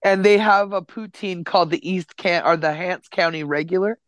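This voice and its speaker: A man's voice: high-pitched, fairly even intonation, moderate pace, fairly bright tone, smooth, no echo. A man hosting a podcast, chatting casually and enthusiastically and swearing freely as he talks. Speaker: podcast host. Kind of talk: casual chat. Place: Nova Scotia home recording.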